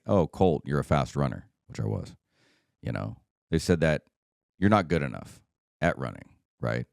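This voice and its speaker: A man's voice: sits low, vocal fry, darkish tone, no echo, clean studio sound. A man hosting a solo podcast, talking casually and checking in often with "right?" and "okay?". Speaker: podcast host.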